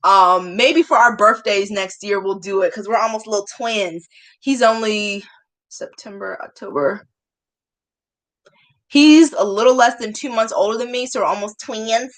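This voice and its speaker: A woman's voice: medium pitch, a little slow, a bit bright. A young woman chatting casually to her viewers, self-mocking and often laughing. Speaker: vlogger.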